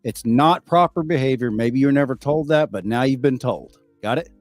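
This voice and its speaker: A man's voice: mid-range voice, normal speed, no room sound, faint music behind. A middle-aged man chatting casually on a livestream, bluntly and with lots of swearing, as he reads out and answers viewer comments. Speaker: livestreaming father answering chat.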